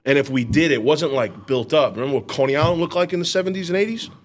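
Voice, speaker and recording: A man's voice: on the high side, fast. A man, a podcast guest talking casually and emphatically, swearing freely. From Brooklyn, New York. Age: 30s. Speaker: podcast guest, clothing maker.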